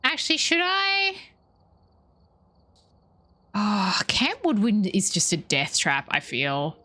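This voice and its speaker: A woman's voice: medium pitch, sing-song, takes it slowly, pauses often, pushed and bright. Playful Australian woman streaming a game. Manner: chatty and playful, chatting with viewers. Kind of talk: casual gameplay commentary.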